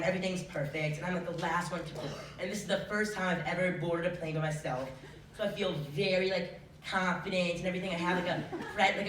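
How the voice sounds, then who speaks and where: A teenage student tells a true story to a school audience, chatty and peppered with filler words. The voice sits at a middling pitch and is caught from a distant mic in a roomy hall. The recording is noisy, with audience laughter behind it. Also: a bit bright. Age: teen. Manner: chatty, many filler likes. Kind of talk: live true-story telling.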